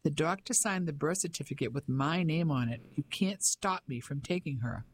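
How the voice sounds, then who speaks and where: A defiant young mother, put on by a male narrator, her voice pitched well above his usual tone. She speaks with a high, gushing voice that turns cold and defiant. An audiobook reading. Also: moderate pace, a little hiss or hum, close to an everyday voice.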